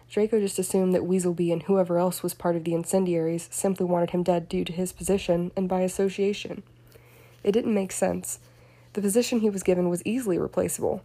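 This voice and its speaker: A woman reading a fan fiction story aloud in a steady, even voice. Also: fairly low pitch. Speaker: audiobook reader.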